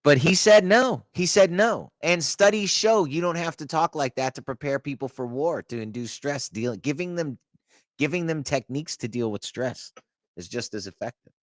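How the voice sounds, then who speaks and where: A man's voice: fairly high pitch, animated, normal speed, no echo, clean studio sound. A man hosting a podcast, a Navy veteran who tells wry anecdotes and acts out both sides of old arguments. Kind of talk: casual chat.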